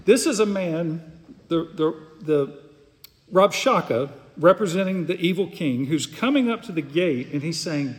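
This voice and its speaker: A man's voice: a little high, lively intonation, measured pace. A pastor preaching an earnest, emphatic sermon, often repeating words as he goes. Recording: long hall reverb.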